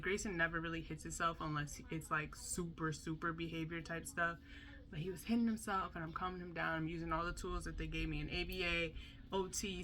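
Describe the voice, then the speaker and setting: Chatty young woman with a bright voice. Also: lowish voice, a little hiss or hum. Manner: chatty, animated, acts out quotes. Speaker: mother telling a storytime. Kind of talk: candid storytime vlog.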